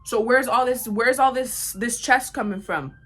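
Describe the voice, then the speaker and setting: A woman in her twenties telling a storytime vlog in a blunt, slangy, animated way. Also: a little high, moderate pace, breathy edge. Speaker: vlogger.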